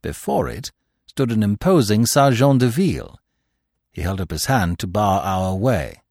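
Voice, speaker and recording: Expressive male narrator for a classic story, low husky voice, very lively pitch, dry close sound. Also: unhurried, no echo. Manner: expressive, voicing each character. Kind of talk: audiobook narration of a classic mystery.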